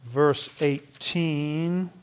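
A man's voice: fairly high pitch, steady tone, very slow, a little hiss or hum. A man leading a casual Bible study, chatty and wry, often laughing.

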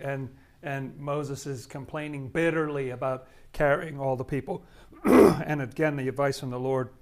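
A man leading a Bible study in an easygoing, conversational way. He talks in loose, halting phrases, full of fillers and restarts, and he chuckles now and then. His pitch sits in the middle for a man. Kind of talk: informal Bible study commentary.

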